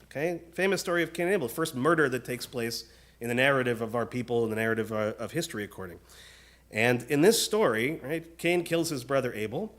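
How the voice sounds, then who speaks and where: A rabbi delivering an earnest, measured sermon in a synagogue, often turning questions to the congregation. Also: male voice, medium pitch, fairly bright tone. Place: synagogue sanctuary.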